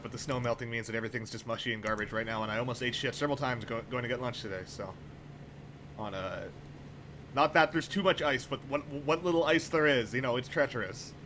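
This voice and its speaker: A young man talks over a train simulator stream in loose, casual commentary. He wanders off on profane tangents with wry asides. His voice sits at an ordinary middle pitch. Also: fairly bright tone, slight background noise.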